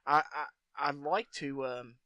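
A man's voice: medium pitch, steady tone, a little slow, pushed and bright, no echo. A man hosting a podcast, telling long profane stories in casual chat, laughing often. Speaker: podcast host.

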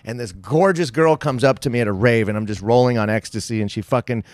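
A man's voice: mid-range voice, fast talker, no room sound, studio quality. Brash, profane man in his forties. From San Francisco, United States. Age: 40s. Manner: profane, self-mocking and brash. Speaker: podcast guest. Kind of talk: casual storytelling chat.

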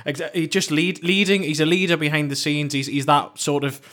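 A man's voice: fairly high pitch, little pitch movement, fairly bright tone. Man talking football, stumbling over words. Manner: halting, repeats words as he thinks. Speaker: football journalist guest. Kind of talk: casual football podcast chat.

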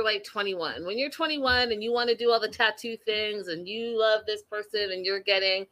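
A woman hosting a casual recap chat over a video call, animated and talking straight to her co-host. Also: mid-range voice, normal speed, few pauses. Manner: animated, acts out quotes, addresses co-host by name. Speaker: podcast host.

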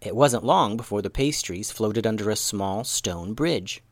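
A man narrates a children's adventure story with an expressive, storyteller's delivery. His pitch moves freely and animatedly, and the recording is close and dry. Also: a little slow, no room sound.

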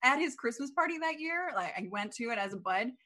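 High bright-voiced woman, super animated, laughs at herself a lot. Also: fairly quick. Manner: self-mocking, bursts of laughter. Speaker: podcast guest. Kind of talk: animated storytelling.

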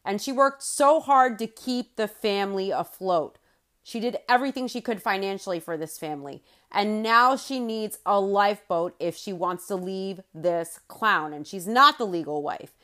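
A woman hosting a podcast, giving opinionated, indignant reality-show recap commentary with big swings in loudness and pace. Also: mid-range voice, moderate pace. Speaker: podcast host.

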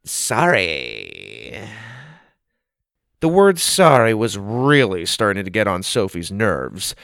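A man narrating a children's story in an expressive, animated reading style. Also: medium pitch, dry recording, clean studio sound.

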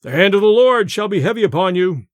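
A man's voice: high-pitched, lively intonation, moderate pace, dry recording. Nasal, smug young storybook suitor, read by a man, dry close sound. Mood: threatening.

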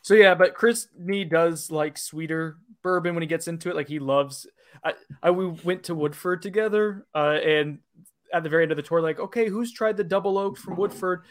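A man's voice: fairly high pitch, normal speed. A man co-hosting a casual podcast, telling stories animatedly and laughing a lot. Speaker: podcast co-host. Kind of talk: casual chat.

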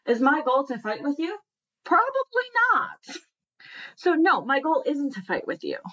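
A woman's voice: high-pitched, big pitch swings, normal speed, a bit bright, muffled recording. A woman talking casually and earnestly about communication, asking many rhetorical questions. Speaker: speaker on communication. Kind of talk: casual monologue.

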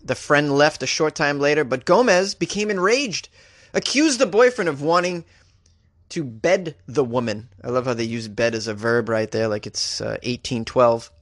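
Wry comedian hosting a news podcast. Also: male voice, expressive, moderate pace, a bit bright, no room sound, studio quality. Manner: wry, joking asides with sudden pitch jumps.

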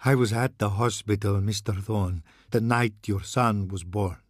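A man voicing a desperate male priest in a storybook reading, speaking slowly and urgently, sometimes in a hiss. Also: lowish voice, fairly even intonation, no room sound, clean studio sound. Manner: slow hushed urgent warnings, hissing at times.

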